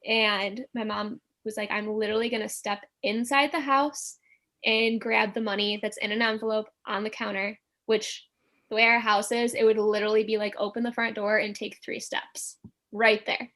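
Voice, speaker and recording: A young woman telling a story as a podcast guest, animated and acting out the quotes, with many filler words. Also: medium pitch, normal speed. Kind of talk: casual storytelling.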